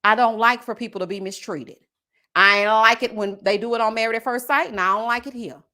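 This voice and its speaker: A woman hosting a live review of a reality show, sassy and expressive, talking straight to her viewers. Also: a little high, fairly quick.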